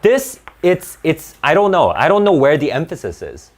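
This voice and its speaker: A man's voice: on the high side, sing-song, normal speed. A man teaching a grammar lesson to a class, restarting words often and checking in with "right?".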